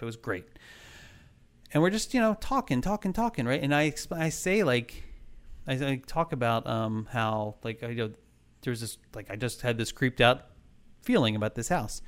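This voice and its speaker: A man's voice: medium pitch, smooth. A man in casual chat, telling a ghost story in a rambling way, full of fillers and restarts.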